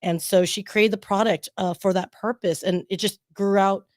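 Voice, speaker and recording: This woman, who co-hosts and produces a show, comes from Southern Oklahoma and rambles in a bubbly, enthusiastic way during a casual video-call chat. Her medium-pitched voice is fairly even in intonation, moves at normal speed, and has no room sound.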